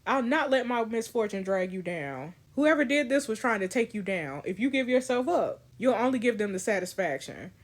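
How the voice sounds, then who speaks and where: A scarred young woman in a story game speaks with quiet, grave resolve, steady and serious throughout. A woman reads her lines in a voice pitched a little high. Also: normal speed, few pauses. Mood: somber.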